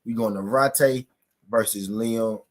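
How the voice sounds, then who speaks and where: A man hosting a live boxing talk stream, hyping the day with loud slangy, profane banter and chanting along with his chat. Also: on the low side, a little slow. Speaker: host.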